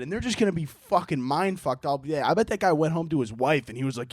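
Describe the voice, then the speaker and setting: A man with a high voice that swings wildly up and down tells a story on his solo podcast. He is loose and profane, laughs a lot, and plays out every side of the story himself. The sound is dry and close, with almost no room around it. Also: fast, hardly any pauses, dry recording. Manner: animated, profane, laughs often, acts out both sides of a story. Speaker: podcast host.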